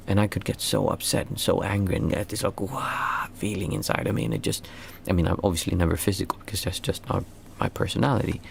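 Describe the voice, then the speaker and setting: A man as a meditation teacher answering questions in casual talk, earnest and rambling, restarting phrases and jumping high to stress a point. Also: fast, creaky, a little hiss or hum.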